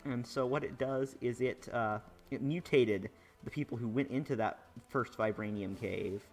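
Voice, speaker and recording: A young man chats over his gameplay, wandering through a story with plenty of "uh" and "like." His voice sits at an ordinary middle pitch. Faint game music plays underneath. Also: moderate pace. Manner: rambling, filler-heavy storytelling. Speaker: gaming YouTuber. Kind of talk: casual let's play commentary.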